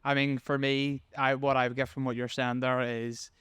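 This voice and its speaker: Smooth-voiced young podcast host. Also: male voice, medium pitch, level tone, moderate pace, a bit bright, no echo. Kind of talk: podcast interview.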